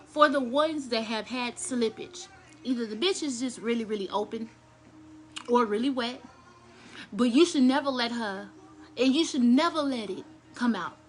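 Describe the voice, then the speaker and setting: A young adult woman telling a blunt, crude story to her viewers in a casual, animated way. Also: on the high side. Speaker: storyteller vlogger.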